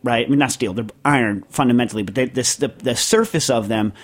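A man's voice: mid-range voice, fast, husky. A middle-aged man hosting a podcast, reading a listener question and rambling through his answer with jokes, fillers and restarts. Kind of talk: casual chat.

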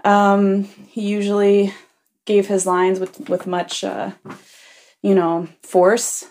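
Here a woman who's a parent rambles through a humorous anecdote on a podcast's message line. Her voice is medium in pitch, slow, fairly flat, and a bit mellow, and she keeps chuckling, saying um, and backtracking.

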